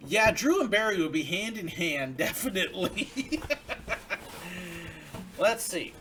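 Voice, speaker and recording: A man's voice: sits high, big pitch swings, takes it slowly, sharp tone, slight background noise. A man hosting a casual livestream, chatting and reading viewer mail aloud in a grateful, friendly way. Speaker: livestream host.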